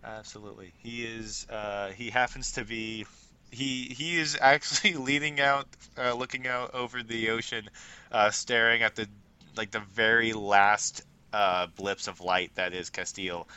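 A man's voice: fairly low pitch, fairly even intonation, measured pace, bright, forceful tone, clean tone. A man narrating as game master of a tabletop role-playing game, casual and rambling, full of fillers.

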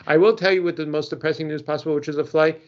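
Animated man co-hosting a chat podcast. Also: on the high side, rapid-fire. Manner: animated, jokey, trails off mid-sentence. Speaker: podcast co-host. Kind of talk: casual chat. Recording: dull lo-fi sound.

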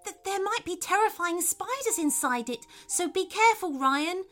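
A woman voicing a small, nervous teddy bear who speaks softly and stammers. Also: extremely high pitch, lively intonation, normal speed, faint music behind, pitched above the performer's own voice.

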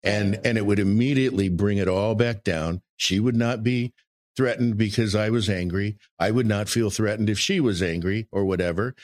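A man with a low, deep voice speaks earnestly and emphatically, telling candid stories from his marriage. The sound is dry and close, with no room echo. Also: moderate pace. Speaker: married guest sharing relationship experience. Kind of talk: candid conversational storytelling.

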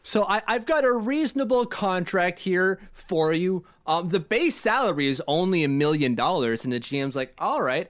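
Animated man, native French speaker. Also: high voice, moderate pace, few pauses. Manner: animated, acts out quoted voices. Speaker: co-host. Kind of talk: casual podcast chat.

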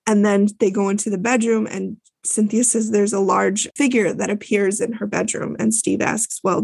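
A woman's voice: medium pitch, creaky, a little mellow, slightly rough, no echo. A woman co-hosting a podcast, chatting casually as she recaps a show with many fillers and restarts. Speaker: podcast co-host.

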